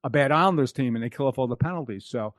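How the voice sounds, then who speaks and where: A man's voice: medium pitch, lively intonation, very fast, no echo, clean studio sound. A man talking as a guest on a hockey podcast, rattling on with repeated and restarted phrases. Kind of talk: casual podcast chat.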